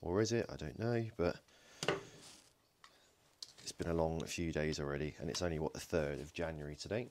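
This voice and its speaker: This DIY electronics video host has a very deep, slightly mellow voice and a moderate pace, and there's slight background noise. He jokes and muses aloud while dismantling a battery pack in his home workshop, with frequent ums and self-corrections throughout the casual, hands-on narration.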